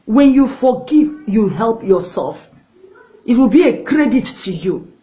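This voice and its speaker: A woman's voice: on the high side, very animated, a little slow, dark tone, poor audio. A woman evangelist preaching a sermon, telling a story and urging viewers directly, repeating words for emphasis. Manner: earnest, directly addresses viewers.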